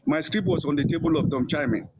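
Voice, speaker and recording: A man's voice: fast, slight background noise. An older man with a Nigerian accent, an interview guest telling long stories and acting out the voices of people he quotes. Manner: animated storyteller, acting out quoted voices with higher pitch. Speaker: interview guest, veteran journalist. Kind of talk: storytelling interview. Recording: dull, muffled sound.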